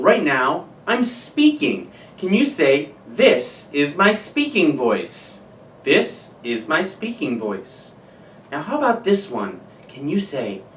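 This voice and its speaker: Patient teacher in an echoey room. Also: female voice, low-pitched, slight background noise. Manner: patient, demonstrates each voice type. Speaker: music teacher. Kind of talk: children's lesson, call and repeat. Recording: roomy room from a distance.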